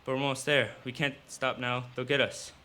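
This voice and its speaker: A man's voice: mid-range voice, little pitch movement, fairly quick, sharp tone, slight background noise, pitched above the performer's own voice, lightly acted. A man doing a pleading young wife. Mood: urgent. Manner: pleading, urgent. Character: desperate young wife urging her husband on.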